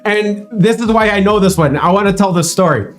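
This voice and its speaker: A man's voice: high voice, brisk. Young man, Spanish also native, casual livestream co-host, laughs a lot, faint music. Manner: chatty storyteller, laughs often. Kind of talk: casual chat.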